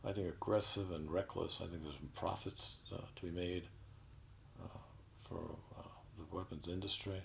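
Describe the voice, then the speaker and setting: A man delivering an indignant, sarcastic political commentary monologue, halting with frequent restarts. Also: sits low, fairly even intonation, vocal fry, a bit bright, slight background noise, poor audio.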